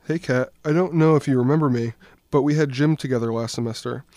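A man's voice: mid-range voice, fast, warm tone, dry recording, lightly acted. Man voicing an awkward, easygoing teen boy. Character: nervous good-natured teenage boy.

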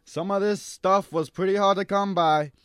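A man's voice: sits high, steady tone, normal speed, a bit bright, smooth, dry recording, clean studio sound. A man playing a sly, breezy black-market herb dealer in a comedic audio sketch. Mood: coaxing. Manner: breezy, salesman-like.

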